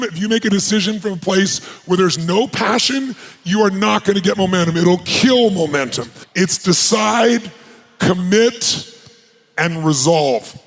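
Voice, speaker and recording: A man giving a live motivational seminar who fires rhetorical questions at the audience and swings from low intensity to shouted hype. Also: low-quality recording. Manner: rapid-fire rhetorical questions, commanding the crowd. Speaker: motivational speaker.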